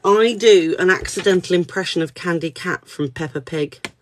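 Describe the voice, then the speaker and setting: A woman's voice: on the low side, moderate pace. A woman, speaking as a spiritual card reader at her desk, reassuring and candid, swearing casually. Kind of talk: live spiritual reading chat.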